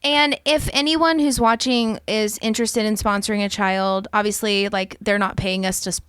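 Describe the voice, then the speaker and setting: A woman's voice: mid-range voice, steady tone, a bit bright, smooth, dry recording, clean studio sound. A young woman co-hosting a podcast, telling stories in a casual, chatty way. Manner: chatty, storytelling, quick asides. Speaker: podcast co-host. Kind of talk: casual chat.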